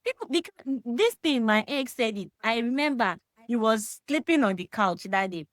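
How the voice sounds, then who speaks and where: A woman's voice: on the high side, normal speed, no room sound, clean studio sound. A woman in her thirties with a Yoruba Nigerian accent talks emphatically in a casual discussion. She mixes Yoruba phrases into her English. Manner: emphatic, animated, talks straight to the listener. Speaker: podcast discussion guest. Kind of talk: casual faith-centred discussion.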